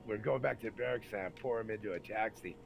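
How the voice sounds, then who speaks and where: A man's voice: fairly low pitch, fast talker, creaky, a little hiss or hum, low-quality recording. A man from California telling rowdy army stories in casual, profane chat. He acts out the people in his stories and talks with plenty of fillers. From Santa Rosa, California, USA. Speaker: storyteller recalling army days.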